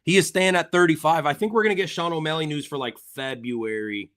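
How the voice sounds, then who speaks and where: A man's voice: a little high, brisk, fairly bright tone. Man reading chat on a fight stream. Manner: profane, reads viewer comments aloud. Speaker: livestream co-host reading chat. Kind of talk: casual MMA livestream chat.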